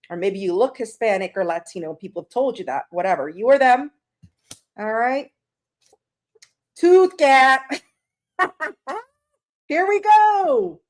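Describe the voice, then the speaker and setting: Chatty high-voiced woman reading tarot. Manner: chatty, rambling, greets viewers by name; laughs at her own slips. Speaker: tarot reader on a live stream. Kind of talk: casual live stream chat.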